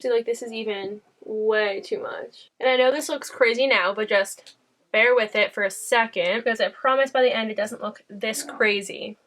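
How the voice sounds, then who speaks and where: A woman's voice: on the high side, moderate pace, fairly bright tone. A young woman chatting bubbly to camera as she walks through her makeup tutorial at home. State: out of breath. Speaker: beauty vlogger. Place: bathroom at home.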